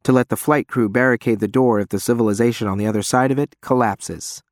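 A man's voice: medium pitch, steady tone, quick pace, dry recording, studio quality. A man narrating a story in first person. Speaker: audiobook narrator. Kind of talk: scripted narration.

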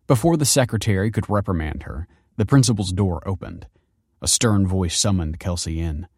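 A man reading a story aloud as narrator in a measured, understated way. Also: deep voice, expressive, darkish tone, husky, dry recording, studio quality.

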